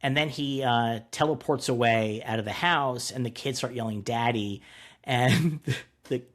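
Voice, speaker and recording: A man's voice: mid-range voice, moderate pace, a bit bright. A man co-hosting a podcast, casually recapping an episode in a rambling way, acting out quoted lines and swearing freely. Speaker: podcast co-host.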